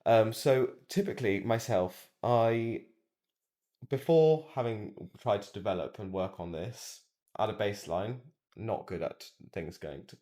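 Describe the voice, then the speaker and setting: Podcast co-host, young man, very deep voice, reflective and halting, lots of ums. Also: mellow. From England. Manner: reflective, hesitant with many fillers. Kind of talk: casual chat.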